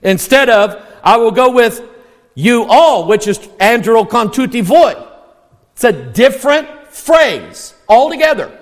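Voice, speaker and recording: A man preaching with a high-pitched voice, pressing his points with rhetorical questions and sudden near shouts. His voice rings out with the long reverb of a big hall. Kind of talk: sermon.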